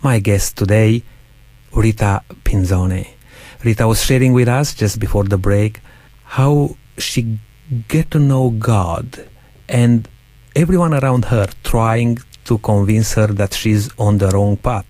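A man hosting a faith interview show. He speaks very slowly in a low, mellow voice that sounds close and dry. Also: dry recording. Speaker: host.

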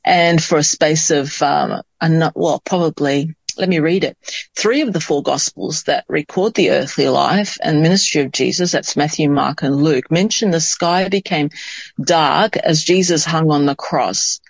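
A man's voice: fairly high pitch, unhurried, creaky, no echo. Man reading scripture, dry sound. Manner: reads scripture aloud, then comments thoughtfully. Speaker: Bible study discussant. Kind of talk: Bible study discussion.

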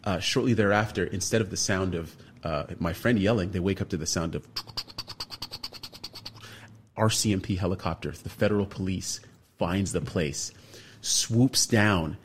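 A man from Canada, a guest on a radio show, telling a long story with lively energy and acting out the other people in it. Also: sits low, normal speed, husky. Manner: animated storyteller, acts out other people's lines.

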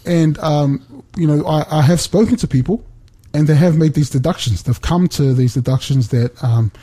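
Earnest halting man, mellow husky voice. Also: on the high side. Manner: earnest, halting, many restarts. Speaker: guest speaker. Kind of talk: faith talk on a remote call.

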